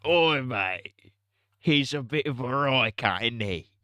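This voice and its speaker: Man doing a cheeky British lad in a put-on accent, bright and crisp, slow and drawn out. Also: mid-range voice, animated, dry recording. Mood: mocking. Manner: repeats "oi mate", bits of mocking slang.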